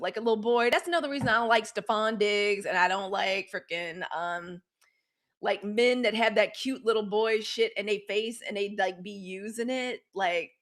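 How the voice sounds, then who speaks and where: A Gen X woman in her 40s or 50s hosts a live news commentary show, speaking candidly with profanity and acting out mock quotes. Her medium-pitched voice is fairly bright and moves at normal speed.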